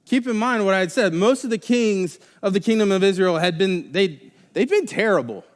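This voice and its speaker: A man's voice: high-pitched, lively intonation, moderate pace. A young adult man preaching a sermon live in a church, talking casually and rambling with many restarts and fillers. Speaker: pastor. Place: church sanctuary. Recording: live church recording with long hall reverb.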